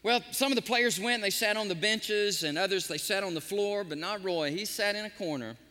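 High-voiced, bright-toned preacher man. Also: brisk, in a large hall. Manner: animated, emotional storytelling. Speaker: pastor. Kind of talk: sermon with storytelling. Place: church sanctuary.

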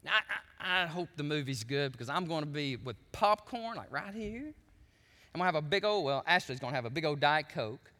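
A man's voice: on the high side, lively intonation, brisk, bright, forceful tone, big-room sound. A man from the United States preaching a sermon as pastor, swinging between chatty asides and fervent preaching.

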